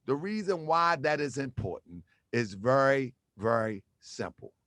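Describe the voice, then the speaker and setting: A man's voice: medium pitch, expressive, measured pace, a bit bright, dry recording, studio quality. A man hosting an exposé commentary, talking casually with slang and hammering points with repeated rhetorical questions. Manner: repetitive, emphatic, rhetorical questions. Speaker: channel host. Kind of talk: exposé commentary on video clips.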